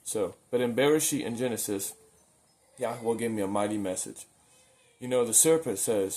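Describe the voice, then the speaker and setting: An earnest man preaching casually in a talk-to-camera video, at a medium pitch. His delivery is loose and conversational, full of informal turns of phrase. He often repeats words and restarts his sentences as he works through a thought. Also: brisk, darkish tone. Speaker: religious video maker.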